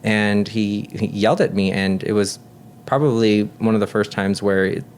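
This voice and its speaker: A man in his thirties, a nurse and guest, telling personal stories in an earnest, talkative way and dropping soft and low when he reflects. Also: fairly even intonation, normal speed, slight background noise. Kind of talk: casual chat.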